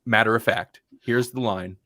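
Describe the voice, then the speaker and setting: A man's voice: lowish voice, steady tone, moderate pace, bright, forceful tone, no echo, clean studio sound. A man co-hosting a podcast, reviewing a film in casual, rambling chat with lots of restarts. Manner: rambling, restarts often, puts on dull voices to mock actors. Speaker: podcast co-host.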